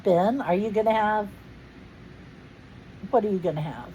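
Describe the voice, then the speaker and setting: A woman's voice: medium pitch, measured pace, warm tone, slight background noise, rough recording. A middle-aged woman hosting a casual family chat at home, chatty and playful with frequent laughs. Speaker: host.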